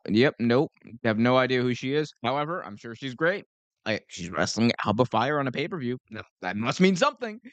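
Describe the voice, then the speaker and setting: A young adult man hosting a live stream, talking in an energetic, rambling way and often correcting himself. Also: mid-range voice, clean tone, no echo. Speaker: host.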